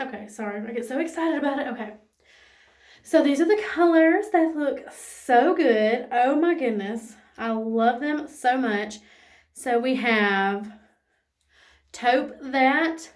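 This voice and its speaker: A woman, gushing excitedly and saying "y'all" as she walks through a casual makeup tutorial. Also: a little high. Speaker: beauty vlogger.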